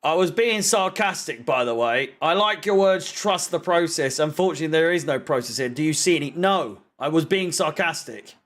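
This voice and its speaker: A man's voice: on the high side, animated, normal speed, hardly any pauses, a bit bright. A man hosting a live match watch-along, sarcastic and swearing, with frustrated outbursts at the players. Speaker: fan channel host watching a match.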